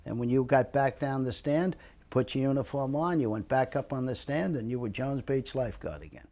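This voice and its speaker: An older man, a retired lifeguard, reminisces about his past in a medium-pitched voice, talking a little fast. He's an animated storyteller who acts out the voices of the people in his tales.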